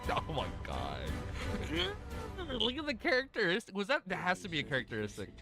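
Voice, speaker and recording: A young man live-streaming his reaction, excitable, swearing and laughing often, teary-eyed. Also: high-pitched, brisk, loud music behind the voice. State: tearful.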